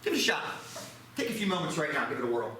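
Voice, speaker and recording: Lively joking male math teacher. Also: a little high, quick pace, slight background noise. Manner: joking, self-deprecating. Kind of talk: classroom teaching. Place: classroom. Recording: echoey classroom.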